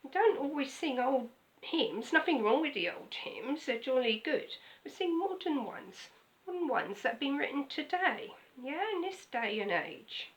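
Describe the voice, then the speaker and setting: A woman's voice: high-pitched, sing-song, measured pace, rough recording. An older woman pastor, giving a chatty, conversational sermon with frequent "okay?" asides. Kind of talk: casual sermon.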